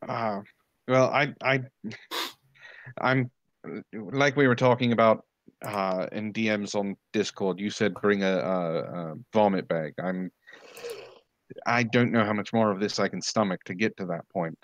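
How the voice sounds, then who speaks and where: A man's voice: on the low side, unhurried, no room sound, highs cut off. A man in a casual live online discussion, reacting in an indignant, blunt way and swearing freely.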